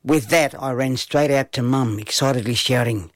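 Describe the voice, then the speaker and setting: A man telling a children's story in an unhurried storytelling manner. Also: medium pitch, dry recording.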